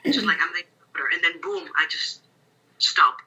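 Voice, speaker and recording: Bright-voiced woman. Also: lowish voice, fairly quick, breathy edge. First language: Spanish. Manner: candid, reflective, quotes herself aloud. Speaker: interpreter. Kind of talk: interview answers. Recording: distant, dull lo-fi recording.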